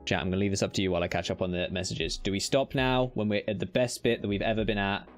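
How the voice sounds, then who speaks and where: A British man giving live commentary on a game as he plays, his voice sitting on the low side. He swings between loud cheering and whispered muttering, swearing casually and talking to himself. Faint music plays underneath. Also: fairly even intonation, quick pace. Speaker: streamer.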